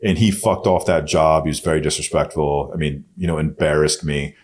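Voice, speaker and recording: A man being interviewed on a podcast, telling a personal story in a blunt, profane way. He often swears and goes soft and hushed when he quotes himself. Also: extremely low pitch, fairly even intonation, brisk. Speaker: podcast guest.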